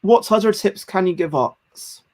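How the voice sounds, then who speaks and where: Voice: mid-range voice, measured pace. A podcast host chatting casually and passing on viewer comments. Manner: lively, reads out viewer comments. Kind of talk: casual chat.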